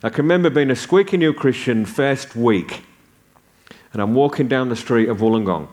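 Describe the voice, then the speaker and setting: A man's voice: medium pitch, animated, normal speed, darkish tone. A man in his sixties from the north of England, preaching a sermon and telling stories with humor. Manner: conversational storytelling with humor.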